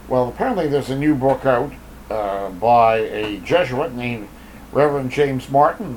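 Radio host, male, halting delivery full of ums and uhs, faint background noise. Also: medium pitch, expressive, low-quality recording. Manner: halting, many filler words. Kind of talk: casual radio talk.

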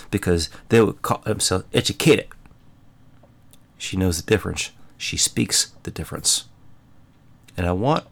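Slow, gravelly man giving commentary. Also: on the low side, fairly bright tone. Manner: emphatic, drawn-out lecturing. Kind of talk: opinionated commentary.

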